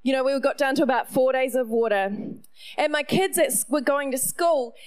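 A middle-aged woman with a New Zealand accent, preaching a sermon in an animated storytelling way with playful asides. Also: high voice, moderate pace, clear, resonant tone. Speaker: pastor.

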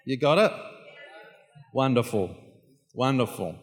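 A man preaching a sermon as pastor, moving from quiet prayer to loud, emphatic repetition. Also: mid-range voice, lively intonation, takes it slowly, long reverb tail.

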